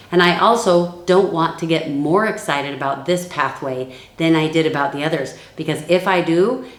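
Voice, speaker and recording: Low-voiced woman coaching in an echoey room. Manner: calm coaching tone, acts out sales lines. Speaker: network marketing trainer. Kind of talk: scripted training lesson.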